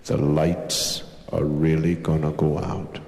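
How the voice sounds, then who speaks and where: A stern, menacing father lays down slow, deliberate threats in a low, gravelly voice, as a man puts him on in a comedy routine. It is a stand-up act-out on a 1960s live album. The sound carries a long hall reverb and steady hiss. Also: heavily acted. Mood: threatening. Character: stern, menacing father scolding his sons. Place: live comedy stage before an audience.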